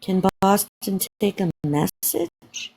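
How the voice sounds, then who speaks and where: A woman's voice: medium pitch, very animated, slow, gravelly, darkish tone, breathy edge. A woman chatting casually on a livestream, playful and teasing. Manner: playful, teasing, drifts into singing. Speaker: livestream co-host.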